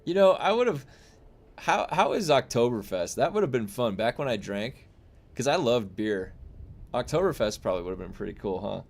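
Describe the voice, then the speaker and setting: A man's voice: medium pitch, sing-song, normal speed, gravelly, a little mellow. A young adult man streaming, chatting casually with viewers in a rambling way full of fillers and restarts. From United States. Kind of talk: casual chat reading viewer comments.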